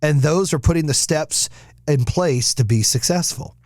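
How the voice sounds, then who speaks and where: A man's voice: a little high, moderate pace, a little mellow, dry recording, clean studio sound. A man hosting a podcast, giving a blunt, profane, fired-up motivational monologue. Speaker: podcast host.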